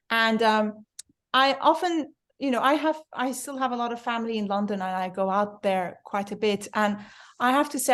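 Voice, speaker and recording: A woman leads a reading-group discussion over a video call. She talks in a chatty, animated way with plenty of fillers, and her voice sits fairly high.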